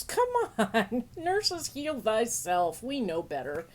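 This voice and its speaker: Woman host, fairly high pitch, sniffly, chatty and playful, bursts of laughter. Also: takes it slowly. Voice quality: sniffly nose. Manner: playful, laughs often, big pitch jumps when excited. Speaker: podcast host. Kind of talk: casual chat.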